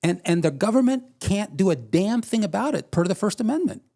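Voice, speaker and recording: A man's voice: sits high, very animated, vocal fry, warm tone. A man co-hosting a podcast, arguing in a heated casual debate with an emphatic, insistent manner. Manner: fast, emphatic, rising to indignant outbursts. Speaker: podcast co-host.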